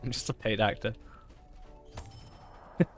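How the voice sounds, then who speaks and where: A man with a lowish, fairly bright voice streams a game, speaking a little slowly. He jokes around and chats casually with his viewers while playing, with faint music in the background.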